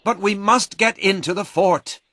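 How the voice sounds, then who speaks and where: A man reading aloud and voicing an urgent young officer in a raised, higher voice. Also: unhurried, sharp tone, no room sound, full character voice.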